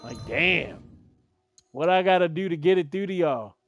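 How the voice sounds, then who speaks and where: A man's voice: high-pitched, lively intonation, normal speed, dry recording, highs cut off. A man chatting casually while streaming a game, venting bluntly with plenty of profanity. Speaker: gaming streamer. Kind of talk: casual chat while playing.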